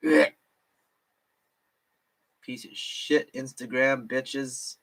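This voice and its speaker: Drunk swearing man, slow and slurry. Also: medium pitch, level tone, gravelly, fairly bright tone. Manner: slurry, swearing, laughing to himself. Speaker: streamer. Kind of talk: drunk casual livestream chat.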